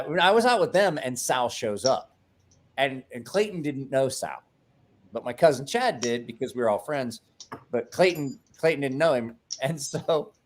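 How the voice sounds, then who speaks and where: A man hosting a casual after-show chat, telling rambling stories with bursts of laughter and loud acted-out quotes. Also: mid-range voice. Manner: rambling, laughing storyteller who acts out quotes loudly. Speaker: podcast host.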